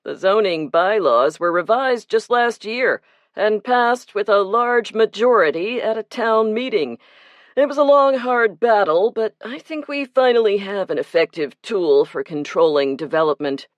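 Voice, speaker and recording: A woman's voice: medium pitch, measured pace, no room sound, highs cut off, voice pushed up, close to an everyday voice. Narrator doing an earnest townie guy, pushing his point. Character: earnest man active in town politics.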